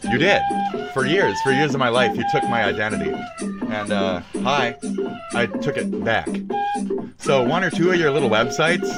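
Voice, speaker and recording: A young man ranting at his viewers in a profane, aggressive way, dropping to mutters and then shouting. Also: medium pitch, wildly swooping pitch, moderate pace, over loud music. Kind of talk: profane rant with improvised raps.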